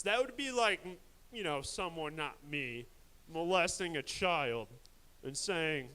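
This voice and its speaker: A man's voice: a little high, lively intonation, measured pace, pushed and bright, clear, resonant tone, poor audio. A young man doing a crude, rambling stand-up set at a live open mic, mocking himself along the way.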